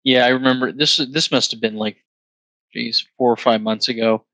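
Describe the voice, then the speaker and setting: A man co-hosting a podcast in casual chat, laughing along and telling a halting story. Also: medium pitch, little pitch movement, sharp tone, dry recording. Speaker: podcast co-host.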